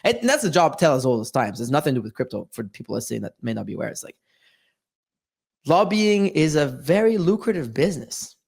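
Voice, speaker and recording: A man's voice: fairly high pitch, sing-song, a little fast, vocal fry, a little mellow, breathy edge. A man hosting a casual livestream, talking in a loose, slangy way with lots of fillers. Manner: loose, slangy, restless talk with many fillers. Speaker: host.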